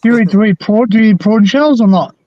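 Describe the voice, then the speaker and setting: A man's voice: high-pitched, fast, no echo, muffled recording. A man with an Australian accent, rambling and laughing in casual chat.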